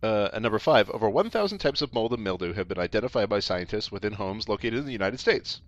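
A man reads sales copy aloud in a casual comedic tone, tripping over names and breaking into laughter. His pitch swings widely as he goes. The sound is dry and close. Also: lively intonation, quick pace, dry recording. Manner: stumbling, laughing reader. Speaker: podcast co-host reading product copy.

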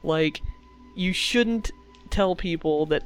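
Comic podcast co-host, male, a bit high-voiced, exasperated and mocking. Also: moderate pace, faint music behind. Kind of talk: comedic podcast chat.

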